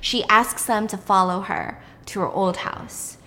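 Animated woman recapping a story, bright and slightly high, echoey room. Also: unhurried. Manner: animated, acts out characters' lines. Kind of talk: casual retelling of a drama plot.

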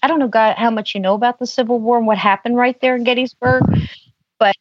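A woman's voice: a little high, fairly even intonation, fast. A woman guest on a podcast, telling a long story in a chatty way and saying "you know" a lot. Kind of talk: casual storytelling. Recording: dull lo-fi dry sound.

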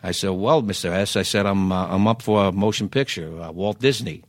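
An older man, a singer guest telling lively anecdotes in casual chat, stammering on restarts and acting out other people's lines. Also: low-pitched, fairly quick, no room sound. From Philadelphia. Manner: animated anecdotes, acts out quoted voices, stammers restarts.

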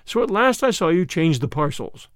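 A man reading a small, unassuming priest in an audiobook, soft-spoken, vague and apologetic. His lines are quieter than the narration, with a lively rise and fall. The sound is close and dry. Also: fairly high pitch, moderate pace, no echo. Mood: mild. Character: small timid-seeming mild male priest. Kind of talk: audiobook reading of a classic story.

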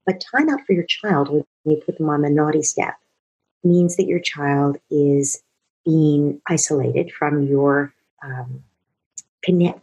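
A middle-aged woman with a deep, heavily husky voice, speaking as an expert guest in an interview. She explains patiently and earnestly, building her points through examples. Her tone stays low and breathy throughout. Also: darkish tone, lo-fi sound.

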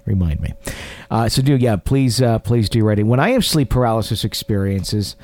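Low-voiced male podcast host. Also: animated, moderate pace, a little mellow. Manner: jokey, teasing. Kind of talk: reading listener stories and casual banter.

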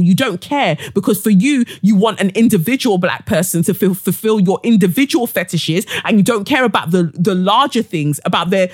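A woman's voice: mid-range voice, dry recording, studio quality. A woman hosting a solo podcast, ranting heatedly with profanity and sarcasm. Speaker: podcast host.

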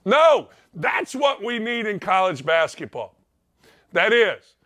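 A man's voice: high-pitched, sing-song, slow pace, pushed and bright. A man hosting a sports talk show, ranting bluntly and brashly in an opinionated monologue.

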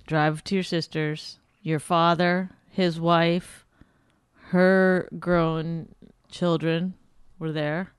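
A woman's voice: lowish voice, level tone, extremely slow, clean tone, dry recording, clean studio sound. A woman in a casual argument with her husband, teasing him and mimicking him. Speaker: wife.

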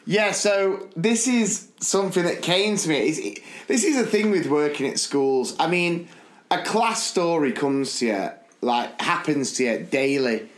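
A man, one of the podcast's hosts, telling a school story in a lively, animated way and acting out the people in it. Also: on the high side, unhurried, echoey room, soft background music. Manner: animated, acts out the people in his stories. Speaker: podcast co-host. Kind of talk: casual storytelling chat.

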